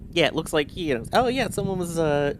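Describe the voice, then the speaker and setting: A man's voice: a little high, expressive, fairly quick, background noise. A man hosting a live rocket launch stream, chatting casually, reading out viewer messages and thanking the crew.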